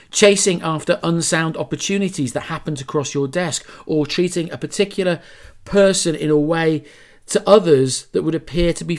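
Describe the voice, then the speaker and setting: Male podcast host, slightly higher voice, chatty and emphatic, fond of asides. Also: a little mellow. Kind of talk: solo podcast talk on branding.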